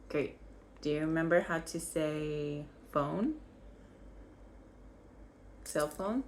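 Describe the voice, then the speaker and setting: A woman's voice: low voice, slow pace, long pauses, a little hiss or hum. A young woman teaching basic vocabulary, patiently repeating each word so learners can follow along. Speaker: French teacher. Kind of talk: slow vocabulary lesson.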